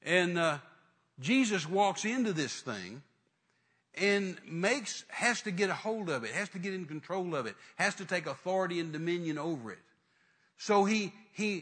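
A man preaching a sermon, retelling a story dramatically with acted-out voices and sudden loud rises. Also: high voice, lively intonation, normal speed.

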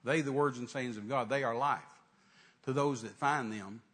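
An older man preaching a sermon, telling a folksy story that swings from hushed to shouting. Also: mid-range voice, normal speed.

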